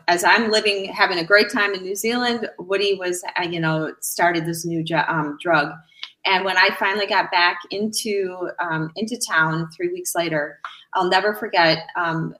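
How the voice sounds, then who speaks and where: A middle-aged woman telling her own story as a radio interview guest, halting often with fillers and restarts. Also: on the low side, fairly bright tone, poor audio. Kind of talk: personal account in a radio interview.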